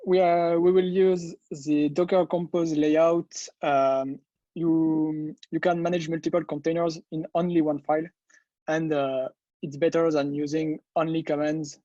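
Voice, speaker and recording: French-accented man, webinar presenter, mellow dry tone, dull lo-fi call audio. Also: on the high side, no echo. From France. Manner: hesitant, many "uh" fillers. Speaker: guest presenter, developer.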